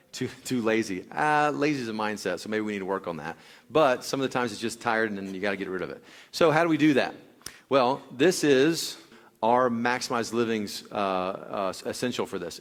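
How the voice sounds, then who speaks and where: A man speaking live to a crowd from a stage, explaining an exercise and coaching volunteers through it with shouted cues. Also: medium pitch. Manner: energetic, coaxing, shouts workout cues. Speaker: wellness speaker leading a workout demo.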